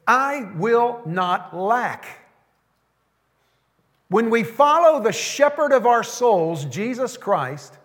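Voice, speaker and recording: A pastor preaching a sermon, slowing down to stress the scripture lines he quotes. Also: high voice, fairly bright tone, big-room sound.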